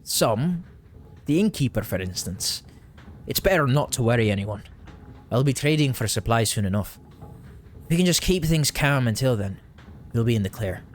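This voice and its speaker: A man's voice: mid-range voice, animated, normal speed, pauses often, slight background noise, lightly acted. A man reading game dialogue aloud, voicing a nervous, defensive middle-aged male elf miller in a clumsy put-on Irish or Scottish accent.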